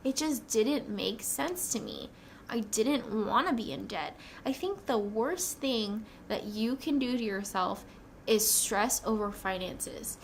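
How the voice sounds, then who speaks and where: A young woman telling her personal story in a casual vlog, rambling and excitable, with many "like"s. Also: on the high side, slow, vocal fry, slight background noise. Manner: rambling, excitable, says "like" often. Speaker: new nurse vlogger.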